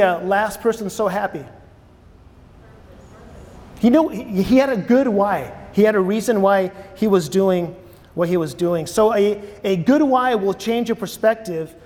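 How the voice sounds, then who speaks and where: With a high-pitched, darkish voice, a man preaches conversationally to a church audience, repeating key phrases and asking the room questions. A long hall reverb hangs on the recording.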